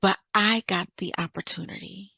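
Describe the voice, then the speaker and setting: A woman's voice: medium pitch, steady tone, normal speed, creaky, pushed and bright, husky, dry recording. A middle-aged woman from Michigan telling an earnest, faith-filled story of her career as a summit speaker. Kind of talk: personal testimony talk.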